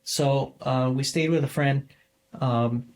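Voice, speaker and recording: A man in his forties, a podcast guest, tells his story in a halting, meandering way full of ums and restarts. His voice sits at an ordinary middle pitch for a man. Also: fairly even intonation. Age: 40s. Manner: rambling, halting, many fillers and restarts. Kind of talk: casual storytelling interview.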